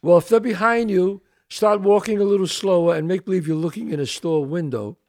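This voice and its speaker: A man's voice: high-pitched, fairly quick. An older man hosting a podcast, talking emphatically in casual chat. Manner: animated, emphatic, gravelly street-guy talk. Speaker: podcast host.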